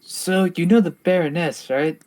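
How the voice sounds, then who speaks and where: A man's voice: fairly high pitch, moderate pace, a little mellow. A man playing a tabletop game, speaking in character and out, hesitant and full of fillers. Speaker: player. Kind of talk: casual tabletop play.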